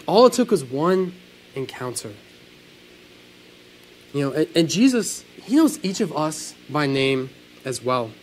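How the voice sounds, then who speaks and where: A man preaching a sermon in an earnest, animated way, swelling and dropping his voice. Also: fairly high pitch, measured pace, pauses often, a little hiss or hum, rough recording. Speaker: pastor.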